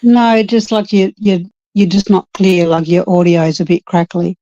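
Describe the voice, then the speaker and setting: A woman's voice: fairly low pitch, level tone, moderate pace, dark tone, no echo. A woman chatting earnestly and reflectively with friends on a late-night stream. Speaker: chat regular. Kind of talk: casual chat. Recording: muffled lo-fi audio.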